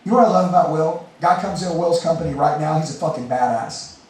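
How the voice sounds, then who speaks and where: A man's voice: on the high side, fast talker. A man giving a blunt, profane, fired-up motivational talk to a group at an indoor meetup. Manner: blunt and profane, rallying the room. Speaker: event host speaking to a group. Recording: echoey room, mic far off.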